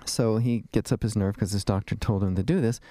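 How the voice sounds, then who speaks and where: A man's voice: on the low side, steady tone, brisk, mellow, no echo. A man hosting a radio talk show as a dentist, chatting in a rambling way with fillers and restarts from a studio.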